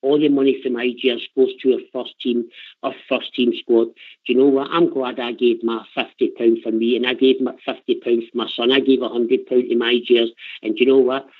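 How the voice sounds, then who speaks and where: A man's voice: medium pitch, little pitch movement, fairly quick. An older Scottish man calling in to a radio show, talking with emotional passion and repeating himself. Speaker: caller. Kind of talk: phone-in chat. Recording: tinny phone line.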